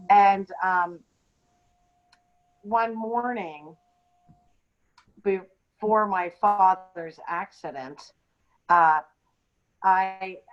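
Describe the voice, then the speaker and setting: A woman co-hosting a podcast, telling a personal story in an unscripted, halting way with frequent ums and restarts. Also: on the low side. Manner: hesitant, many ums and restarts. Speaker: podcast co-host. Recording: dull lo-fi audio.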